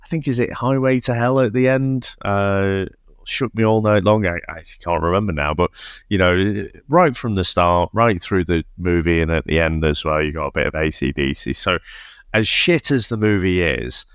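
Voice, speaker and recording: A man's voice: low voice, normal speed, clean tone, no room sound, clean studio sound. A British man co-hosting a podcast, mocking a film with laughing banter and swearing. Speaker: podcast co-host. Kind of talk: casual film review chat.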